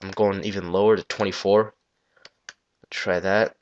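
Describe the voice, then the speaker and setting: A man talking through a casual software tutorial on a gaming headset, rambling loosely and swearing now and then. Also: sits low, steady tone, unhurried, highs cut off, a little hiss or hum. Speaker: tutorial maker.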